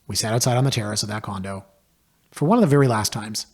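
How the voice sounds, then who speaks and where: A man's voice: lowish voice, fast, breathy edge. A man, a podcast host telling a personal story in a wry, self-deprecating way. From Canada. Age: 40s.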